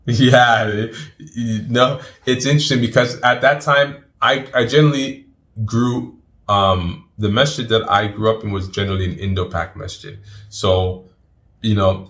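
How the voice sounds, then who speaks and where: Middle-aged man, lowish voice, animated storyteller, guest in an interview. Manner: animated storyteller, repeats words as he goes.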